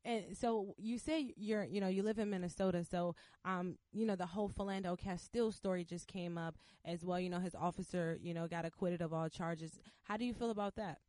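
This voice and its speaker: A woman's voice: on the low side, steady tone, brisk, hardly any pauses, a little mellow, no echo. A woman interviewing a guest, affirming and conversational in a casual chat.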